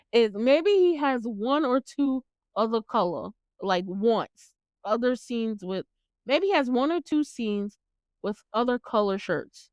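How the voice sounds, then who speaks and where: A woman chatting through a movie recap in a smooth, clear voice. She is casual and quick to laugh, and she swears freely. The sound is dry and close, with no room around it. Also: on the high side, no room sound. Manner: chatty, laughs often, acts out the characters' lines. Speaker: podcast host recapping a movie. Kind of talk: casual chat.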